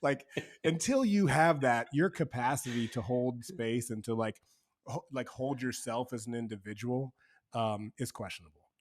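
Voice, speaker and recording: A man's voice: mid-range voice, moderate pace. A man speaking as a guest on a podcast, earnest and reflective, talking casually with loose fillers.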